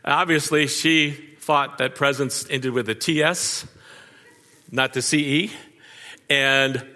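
A man's voice: medium pitch, takes it slowly, sharp tone, long reverb tail. An older man preaching a sermon, telling folksy family stories in a conversational way and turning to the audience with asides. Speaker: pastor. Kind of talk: storytelling sermon.

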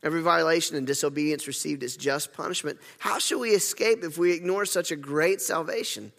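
A man's voice: fairly high pitch, fairly quick, vocal fry, a bit bright. A pastor delivers his sermon in a slightly raised voice, earnest and prone to stumbling restarts. His words ring through a church hall with a long, lingering reverb.

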